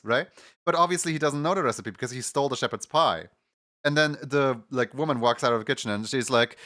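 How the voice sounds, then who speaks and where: A man chats on stream, winding through a long plot summary with constant fillers and restarts. His voice is bright and forceful. It sits dry and close to the mic, with almost no room sound. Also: mid-range voice, fast, dry recording. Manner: rambling, many fillers and restarts. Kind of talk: casual chat, retelling a show's plot.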